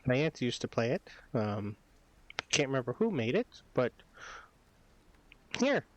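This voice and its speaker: A man's voice: medium pitch, big pitch swings, measured pace, dull audio. Man doing a tiny eager girl villager. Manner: eager, chatty.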